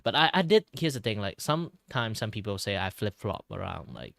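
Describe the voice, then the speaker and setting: Low-voiced, rambly Malaysian guy chatting. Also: sing-song, a little fast, vocal fry, a bit bright, dry recording, clean studio sound. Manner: rambling, many "like" fillers and repeated words. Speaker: streamer, artist. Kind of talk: casual stream chat.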